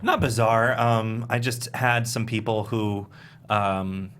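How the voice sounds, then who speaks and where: A man's voice: on the low side, steady tone, slow, a bit bright, slight background noise. A man in his thirties from Maryland, a writer-director talking earnestly about his film in a studio interview. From Maryland, USA. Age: 30s. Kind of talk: casual interview chat.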